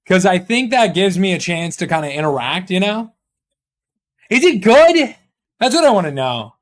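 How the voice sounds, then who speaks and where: Animated high-voiced male streamer. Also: fairly quick. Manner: rambling, joking, swearing, reading chat aloud. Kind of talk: casual live-stream chat.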